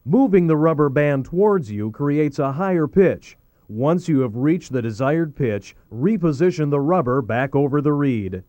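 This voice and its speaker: A man narrating a scripted instructional voice-over, giving calm step-by-step directions. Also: on the high side, moderate pace, dry recording, highs cut off.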